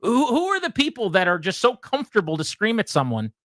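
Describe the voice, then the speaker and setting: A male radio host chatting casually and telling an animated story, acting out other people in loud, high bursts. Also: brisk, dry recording, studio quality.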